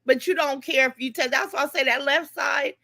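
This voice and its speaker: A woman's voice: sits high, brisk, gravelly, pushed and bright. Sassy woman hosting a morning livestream. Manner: sassy, greets viewers by name, calls them "y'all" and "baby". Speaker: livestream host. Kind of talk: casual live-stream commentary.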